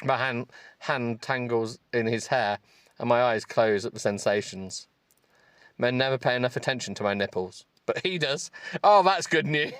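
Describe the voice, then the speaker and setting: A male podcast host reading a text aloud for comedy, stopping to mock it with sarcastic asides and breaking into high giggles. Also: normal speed, a bit bright, clear, resonant tone, no room sound. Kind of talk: comic reading with running commentary.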